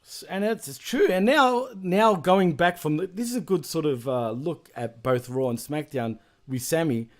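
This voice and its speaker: A man's voice: fairly high pitch, moderate pace, few pauses. Chatty man hosting a podcast. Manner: chatty, laughs often, rambling asides. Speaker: podcast host. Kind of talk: casual podcast chat.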